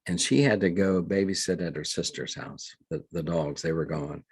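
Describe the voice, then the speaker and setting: Older man, deep voice, earnest halting storyteller, interview guest. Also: gravelly, breathy edge, no room sound. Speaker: guest, reverend. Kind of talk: conversational storytelling.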